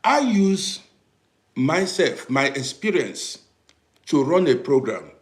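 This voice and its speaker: Livestream host, a man with an African English accent, emphatic and repetitive, with a slightly high voice that swings widely. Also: very animated, takes it slowly, roomy sound. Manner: emphatic, repeats "do you understand me", swings from quiet to loud bursts. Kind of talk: live-streamed commentary to viewers.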